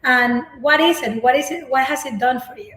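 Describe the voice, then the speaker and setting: A woman's voice: high voice, normal speed, a bit bright, roomy sound, rough recording. A woman co-hosting a casual video at home, speaking earnestly and gratefully to viewers. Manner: earnest, grateful, repeats herself. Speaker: co-host.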